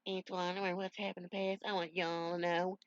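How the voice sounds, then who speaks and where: A man voicing a kind young female rabbit with a put-on Southern drawl, gentle and earnest. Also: sits high, little pitch movement, fast talker, dry recording, voice pushed up. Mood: tender. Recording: dull dry home recording.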